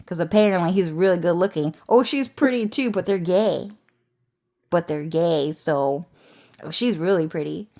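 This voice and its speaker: A woman's voice: fairly low pitch, moderate pace, mellow. A woman rambling through a personal story in a casual vlog, swearing often, laughing, and restarting her sentences. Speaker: vlogger.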